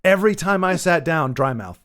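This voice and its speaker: Host: American man, fairly high voice, loose rambling chat. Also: expressive, a little fast, fairly bright tone. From United States. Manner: rambling, restarts often, laughs a lot. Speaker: podcast host. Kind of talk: casual chat.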